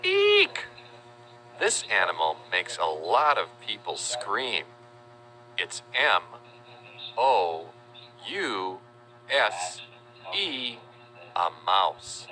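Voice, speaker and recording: A man narrating a children's educational video, spelling out words letter by letter in a friendly, deliberate way. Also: low voice, expressive, sharp tone, slight background noise. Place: voice-over.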